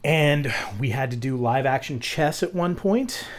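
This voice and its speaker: A man co-hosting a podcast, telling animated stories in casual chat and swearing freely. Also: medium pitch, a little slow. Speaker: podcast co-host.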